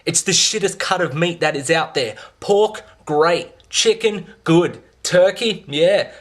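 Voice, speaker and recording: A man's voice: a little high, takes it slowly. Sweary Australian man ranting. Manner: sweary, sarcastic, exasperated. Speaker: vlogger. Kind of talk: profane comedic rant.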